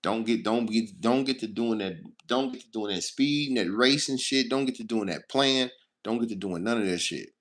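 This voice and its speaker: A man's voice: mid-range voice, normal speed, fairly bright tone. Blunt, foul-mouthed trucker man. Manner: blunt, heavily profane storytelling. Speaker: truck driver. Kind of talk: casual straight-to-camera talk.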